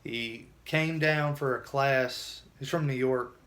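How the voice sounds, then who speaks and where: A man of middle pitch tells a personal story to camera in a casual, unscripted way. He sounds earnest and emotional, rambling and circling back to restart his sentences. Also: steady tone, takes it slowly, fairly bright tone. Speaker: vlogger telling his own story.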